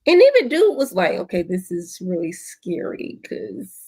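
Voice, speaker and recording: A woman co-hosting a casual show review, chatty and acting out quotes in soft put-on voices. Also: lowish voice, wildly swooping pitch, measured pace, breathy edge. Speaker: co-host.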